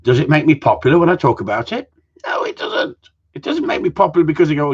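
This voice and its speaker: A man's voice: on the high side, wildly swooping pitch, quick pace, slightly rough, dull audio. A middle-aged man who trains gundogs, hosting a casual live-stream Q&A and ranting bluntly, swearing freely as he rambles through his opinions. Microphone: live-stream mic.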